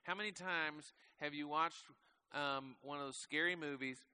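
A pastor preaching a sermon in a conversational way, often asking his listeners questions and letting his voice slow and soften at the ends of phrases. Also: on the high side, slight background noise. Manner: conversational, asks the congregation questions; slows and drops softly at the ends of phrases.

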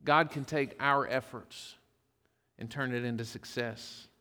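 A man's voice: mid-range voice, steady tone, unhurried, sharp tone, long reverb tail. A pastor preaching a sermon, folksy, mixing humor and stories into his preaching.

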